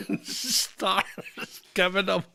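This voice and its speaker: A man's voice: high-pitched, huge pitch swings, drawn-out words, gravelly, pushed and bright. A man co-hosting a comedy podcast in casual chat, rambling through stories and often laughing mid-sentence. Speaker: podcast co-host.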